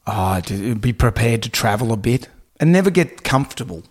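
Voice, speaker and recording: A man's voice: mid-range voice, expressive, normal speed. Laid-back Australian man spinning yarns. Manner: jokey storyteller, dry laid-back delivery. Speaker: radio host, guest. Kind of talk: relaxed chatty interview.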